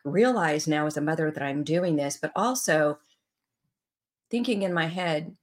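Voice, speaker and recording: A woman's voice: sits low, a little slow. A middle-aged woman telling an emotional personal story as a guest in an interview.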